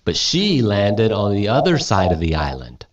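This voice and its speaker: A man teaching English who reads a story aloud, explains words, and repeats them slowly for students to copy. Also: on the low side, huge pitch swings, muffled recording.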